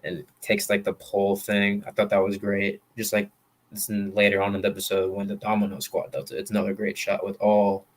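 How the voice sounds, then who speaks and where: A man's voice: on the low side, completely flat delivery. A male podcast guest in casual chat, an eager fan who keeps agreeing. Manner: enthusiastic fan, quick agreeing interjections.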